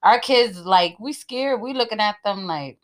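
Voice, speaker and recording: A woman co-hosting a casual podcast chat, quick with reactions and shout-outs. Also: medium pitch. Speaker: podcast co-host.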